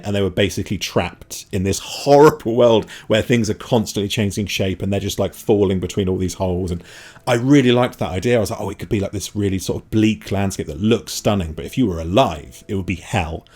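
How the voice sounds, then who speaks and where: A man in his thirties with a deep, husky voice talks about his work as an animator. He rambles and restarts, fills gaps with "like", and pokes fun at himself. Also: darkish tone. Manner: rambling, self-deprecating, many fillers. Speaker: animator guest. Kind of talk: casual podcast chat.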